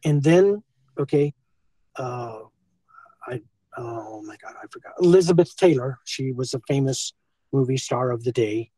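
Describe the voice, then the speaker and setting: An older American man with a husky, somewhat breathy voice rambles on, padding his sentences with "okay" and "and so forth". He is caught close and dry on a handheld phone, at a middling pitch for a man. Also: unhurried, mellow, no echo, low-quality recording. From United States. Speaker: former school teacher being confronted. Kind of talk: rambling confrontation talk. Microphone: filmed on a handheld phone.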